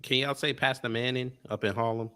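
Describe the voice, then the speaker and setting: A man's voice: medium pitch, steady tone, brisk, a crowd in the background. A man chatting as a guest on a panel, laid-back with trailing remarks. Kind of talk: casual chat.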